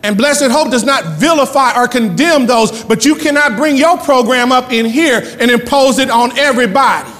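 A male pastor preaching a sermon in a church, moving between quick asides and loud shouted lines. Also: extremely high pitch, in a large hall. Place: church sanctuary.

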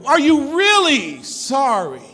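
Male pastor, high voice, fervent sermon delivery, reverberant hall. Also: huge pitch swings. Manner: fervent preaching with dramatic pauses and swings in loudness.

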